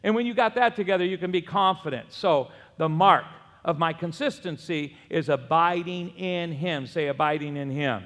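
A middle-aged man preaches in a church sanctuary. His voice sits high, and he tells stories in an animated way, calling on the congregation to repeat after him. A long hall reverb trails behind every phrase. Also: normal speed, hardly any pauses. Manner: animated storytelling with audience call-and-response. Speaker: pastor. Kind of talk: sermon.

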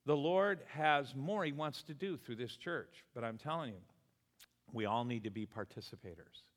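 A man's voice: mid-range voice, normal speed. A man preaches to his congregation, moving easily between scripture and personal stories and acting out the people in them. His voice sits in the middle range and carries the long reverb of a church hall. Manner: animated storytelling preacher, voices people in anecdotes. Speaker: pastor. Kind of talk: sermon. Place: church sanctuary.

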